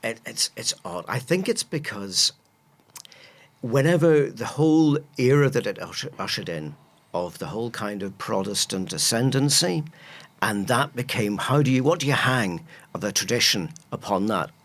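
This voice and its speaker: Gravelly man explaining history. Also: medium pitch, lively intonation, normal speed, a bit bright. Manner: enthusiastic, rambling with restarts. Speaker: guest, historian and archaeologist. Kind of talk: casual chat, explaining history.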